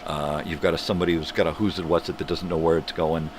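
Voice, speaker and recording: Older man, very deep voice, blunt profane rant, casual monologue host, faint background hum. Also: level tone, fast. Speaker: host of a morning livestream show.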